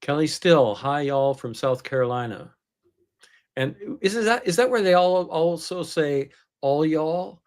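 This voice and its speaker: A man's voice: fairly high pitch, a little slow. A man co-hosting a casual livestream, easygoing, reading out viewer comments and cracking corny jokes. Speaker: co-host.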